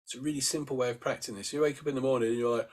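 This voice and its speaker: A man leading a meditation lesson, talking gently and unhurriedly as he walks listeners through sighing and yawning exercises. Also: mid-range voice. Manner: gentle, unhurried, with demonstrated sighs and yawns. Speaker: meditation teacher. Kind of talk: guided breathing instruction.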